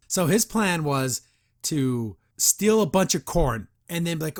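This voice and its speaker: A man's voice: a little high, expressive, normal speed. A young man hosting a podcast, casually recapping and reviewing a cartoon episode in a rambling way, slipping into quoted lines and chuckling.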